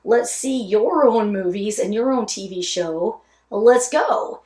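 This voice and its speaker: A woman's voice: mid-range voice, animated, slow, darkish tone. A woman hosting a reaction video, talking casually in a chatty way with lots of fillers and restarts. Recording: echoey room.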